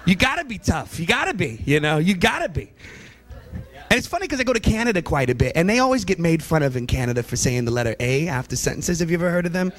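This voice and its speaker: Animated, high-voiced male stand-up comedian. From US East Coast. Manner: animated, quick shifts into family impressions. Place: church hall.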